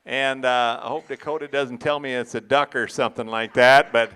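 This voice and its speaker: A man's voice: medium pitch, steady tone, moderate pace, fairly bright tone, clean tone. Folksy male auction emcee. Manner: folksy, joking, addresses the crowd as folks. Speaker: auction school instructor and emcee.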